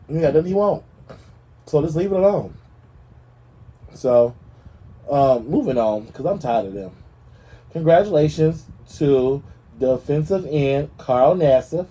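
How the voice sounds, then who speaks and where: A man's voice: on the high side, measured pace, long pauses, breathy edge, rough recording. Sassy man dishing celebrity gossip. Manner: sassy, animated, talks straight to the people he discusses. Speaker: gossip show host. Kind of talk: casual celebrity gossip commentary.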